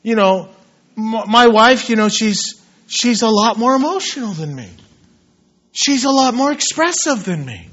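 Male preacher, thirties, sermon delivery, bright tense tone, muffled recording. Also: high-pitched, measured pace. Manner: animated storytelling, acts out scenes with shouts.

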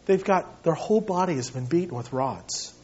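Husky man preaching with dramatic swings. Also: a little high, lively intonation, moderate pace, highs cut off. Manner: dramatic preaching, swings between shouting and hushed tones. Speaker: pastor. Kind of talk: sermon.

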